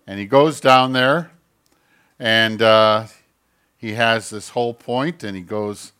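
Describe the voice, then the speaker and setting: A male pastor with a mid-range voice delivers a sermon, reading scripture aloud. He swings between loud, emphatic peaks and quiet asides, frequently clearing his throat and correcting himself.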